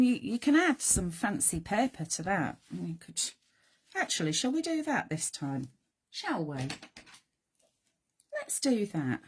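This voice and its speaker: A middle-aged woman hosting a live craft demonstration, chatty and self-deprecating, thinking aloud as she works, her voice going croaky. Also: mid-range voice, a little mellow. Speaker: craft show host.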